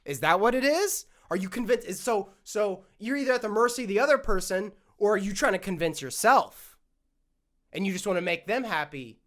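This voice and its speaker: A man's voice: high voice, lively intonation, a little fast, a bit bright. A young man hosting a solo podcast, ranting in a worked-up way and swearing often, his throat scratchy and prone to coughing. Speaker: podcast host.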